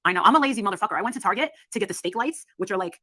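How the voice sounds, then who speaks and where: Brash woman livestreamer, rapid-fire talk, bright tone, swears freely, dry close sound. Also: medium pitch, lively intonation, no echo. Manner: brash, profane, laughing storyteller. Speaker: livestream host. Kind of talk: casual livestream chat.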